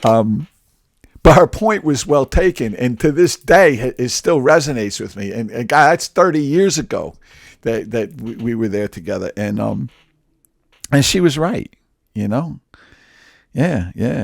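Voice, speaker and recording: A man's voice: medium pitch, animated, measured pace, vocal fry, no echo, studio quality. A man in his sixties talking through a candid personal monologue, rambling and repeating words, with wry humor. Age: 60s. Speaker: podcast host.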